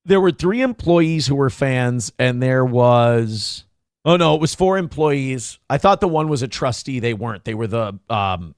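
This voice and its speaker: A man hosting a podcast, telling a story in casual, animated chat and slipping into other people's voices when he quotes them. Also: medium pitch, a little slow, dry recording, studio quality.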